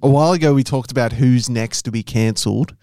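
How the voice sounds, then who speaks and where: Aussie guy co-host, mellow smooth voice, teasing storyteller, dry sound. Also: mid-range voice. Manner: teasing, storytelling, quick laughs. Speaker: podcast co-host. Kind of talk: casual chat.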